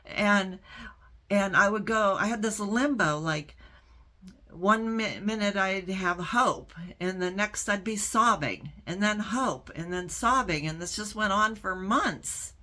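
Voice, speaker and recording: A middle-aged woman hosting her own channel, answering viewer questions in a casual talk to camera, speaking in a slow, reflective way with frequent pauses. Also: medium pitch, pushed and bright. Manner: slow, deliberate and reflective, pausing often between phrases.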